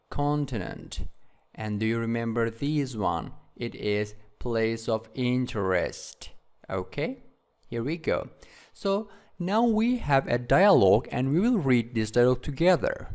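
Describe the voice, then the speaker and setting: A man's voice: mid-range voice, darkish tone, clean tone. A male English teacher running a vocabulary lesson, repeating each word several times and checking "okay?" as he drills. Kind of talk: classroom vocabulary tutorial.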